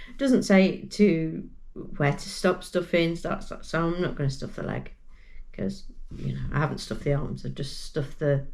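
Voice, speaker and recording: Chatty, slightly croaky woman. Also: fairly low pitch, a little mellow. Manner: chatty and rambling, with many fillers. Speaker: crochet vlogger. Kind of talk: casual vlog chat.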